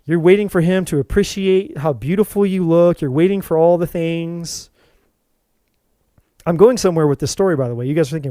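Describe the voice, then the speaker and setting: A man hosting a spiritual talk to camera, telling an animated story, swearing freely, and often restarting his sentences. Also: a little high, fairly quick, no echo. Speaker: tarot reader and spiritual channel host.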